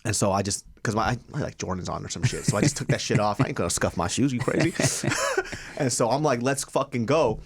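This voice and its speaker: A man co-hosting a podcast, telling a story in a casual, profane way, with sudden loud outbursts. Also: lowish voice, lively intonation, fast, creaky, slight background noise. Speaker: podcast co-host.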